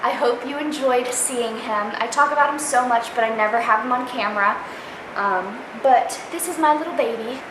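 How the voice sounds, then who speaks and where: A woman's voice: on the high side, normal speed. A young woman vlogging casually about her pet rabbit, chatty and gushing. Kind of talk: casual pet tag vlog. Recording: echoey room, faint noise.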